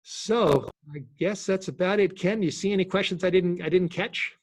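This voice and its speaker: A husky man in his sixties answers questions on a webinar, easygoing and prone to repeating himself. His voice sits a little high for a man, and the sound is dry and close. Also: no room sound. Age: 60s. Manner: halting, repeats words, relaxed. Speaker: host. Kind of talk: casual Q&A webinar.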